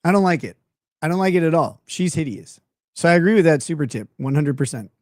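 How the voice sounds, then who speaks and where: A man's voice: a little high, expressive, fast talker, no room sound, studio quality. A man hosting a livestream in casual chat, blunt and profane, laughing often. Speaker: livestream host.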